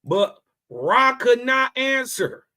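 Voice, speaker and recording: A man's voice: very high-pitched, very animated, slow, pushed and bright, clean tone. A man reading scripture aloud and breaking off into mocking, laughing street-slang commentary, often checking that his listeners follow. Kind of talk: casual religious commentary.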